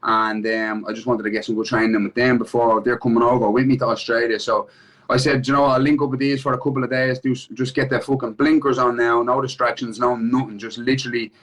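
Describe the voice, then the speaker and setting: A man's voice: mid-range voice, a bit bright, low-quality recording. A man with an Irish accent, an MMA fighter being interviewed in casual chat, swearing freely and repeating "do you know what I mean" between thoughts.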